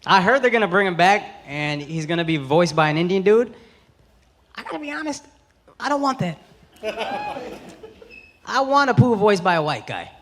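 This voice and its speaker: A man in his thirties doing stand-up comedy, loud, brash and profane, shouting his punchlines. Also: high voice, lively intonation, normal speed, long pauses, background noise. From United States. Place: large theater on stage. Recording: live stage recording with loud crowd laughter. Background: loud audience laughter.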